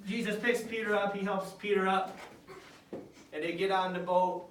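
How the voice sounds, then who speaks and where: A man teaching children a Bible lesson, acting out the characters with bursts of loud shouting. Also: high voice, fairly even intonation, normal speed. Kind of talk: animated Bible story lesson for kids. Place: church classroom with children. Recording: echoey room, distant mic, noisy.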